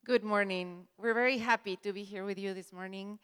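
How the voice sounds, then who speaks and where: A woman whose first language is Spanish, greeting a church congregation in a gracious, slightly halting way. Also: mid-range voice, fairly even intonation, a bit bright, smooth, in a large hall. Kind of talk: church guest talk. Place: church sanctuary.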